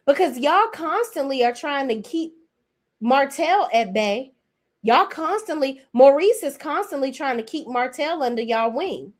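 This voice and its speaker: A woman in her forties giving a blunt, profane, sassy reality TV recap rant as host. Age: 40s. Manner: mocking and animated, swings between high and low. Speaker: commentary host.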